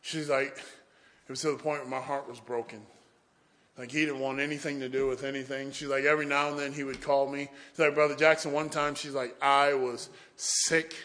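Man, preacher, storytelling sermon, bright forceful voice, echoey church hall. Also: mid-range voice, normal speed. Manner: animated storyteller, acts out quotes.

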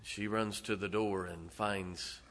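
A male preacher delivering a sermon, retelling a story dramatically with sudden loud swells and hushed drops. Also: on the low side, fairly even intonation, slow pace.

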